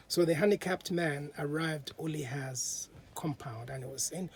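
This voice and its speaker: A man's voice: a little high, fairly even intonation, a little fast, hardly any pauses, slight background noise. A man, a podcast host telling history as a casual story, chatty and dropping to whispers at times.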